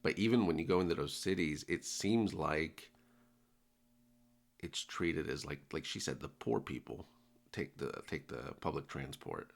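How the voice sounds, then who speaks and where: Casting: deep-voiced American man, gravelly, relaxed reaction host. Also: unhurried. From United States. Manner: easygoing, chatty, with many fillers. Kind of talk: casual reaction commentary.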